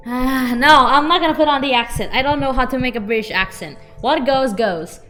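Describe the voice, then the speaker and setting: Young woman streaming a game, playful and jokey, fairly high voice, soft music underneath. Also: a little fast, few pauses. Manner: playful, reads game dialogue aloud with exaggerated reactions. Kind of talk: casual gameplay commentary.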